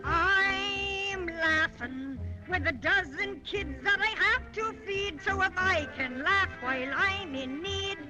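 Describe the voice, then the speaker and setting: A hard-pressed mother of many children in a 1930s musical, cheerful and slow in a very high voice. A loud orchestra plays on the old soundtrack. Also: loud music behind the voice, rough recording. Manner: slow, bright singing.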